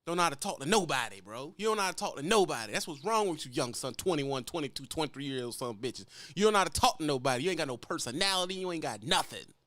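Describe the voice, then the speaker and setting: A man's voice: on the high side, expressive, quick pace, hardly any pauses, fairly bright tone, no room sound, clean studio sound. A man with a Louisiana accent, a truck driver lecturing bluntly and profanely in a ranting vlog.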